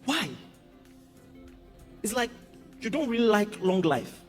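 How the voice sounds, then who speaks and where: A man preaching a sermon as a pastor, animated and humorous. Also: sits high, takes it slowly. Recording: reverberant hall with music behind.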